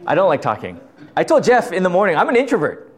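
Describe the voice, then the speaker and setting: A man's voice: sits high, wildly swooping pitch, fast, slightly rough. A middle-aged man leading an informal Bible study, talkative, tossing out rhetorical questions, stammering and chuckling as he goes. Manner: talkative, asks rhetorical questions, frequent "right?"; stammers and restarts, chuckles often.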